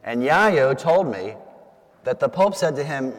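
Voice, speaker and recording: A man's voice: medium pitch, expressive, unhurried, big-room sound. A man, a priest, giving a conversational talk to a group, telling stories with asides and frequent fillers. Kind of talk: conversational public talk with storytelling.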